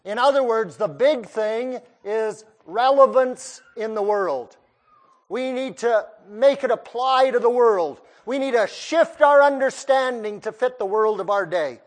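Male preacher, high-pitched, sermon, emphatic, asks the listeners questions. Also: a little slow.

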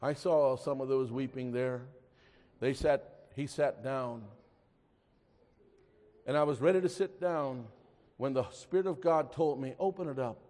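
A man preaching a sermon, telling a story and then pressing his point emphatically before dropping to a hush. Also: mid-range voice, a little slow, pauses often, in a large hall. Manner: storytelling, rising to emphatic exhortation, drops to a hush.

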